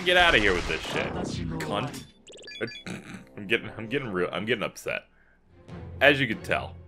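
A gaming YouTuber narrates his let's play, ranting and swearing in frustration. His mid-range voice is bright and forceful, with faint game music playing behind him.

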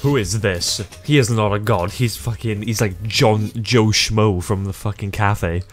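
A man's voice: on the low side, unhurried, soft background music. A young man playing online games with a friend, swearing and grumbling in casual chat. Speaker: gaming YouTuber. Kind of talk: profane casual gameplay chat.

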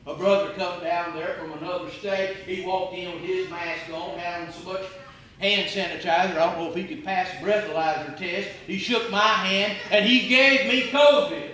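A man preaches in a high, sharp, forceful voice that fills an echoey church auditorium. He hammers the room with rhetorical questions, drops to a hush, then climbs to near-shouting. A faint murmur of room ambience sits under him. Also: fairly even intonation, moderate pace, slight background noise. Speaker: evangelist preacher. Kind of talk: sermon.

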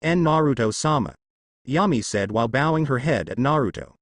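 A man reading a fan-fiction story with lively, expressive intonation at an ordinary pitch. The sound is close and dry with no room echo. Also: a little fast. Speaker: fanfiction narrator.

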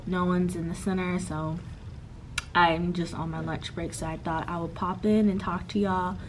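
A woman's voice: lowish voice, flat delivery, normal speed, slight background noise, low-quality recording. A young woman in her twenties, a grad student, chatting casually to her viewers in a stressed, tired way, full of fillers and calling them y'all. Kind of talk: casual vlog chat.

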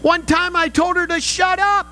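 A man's voice: extremely high pitch, steady tone, moderate pace, music in the background, rough recording. An older male pastor preaching a sermon, telling family stories with humor and rising emphasis. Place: church sanctuary.

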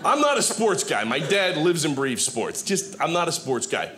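A man in his fifties performing a stand-up comedy set on a theater stage, animated and acting out quoted voices. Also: fairly high pitch, moderate pace. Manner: animated, acts out quoted voices, shouts punchlines. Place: theater stage with live audience. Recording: stage mic with audible audience noise.

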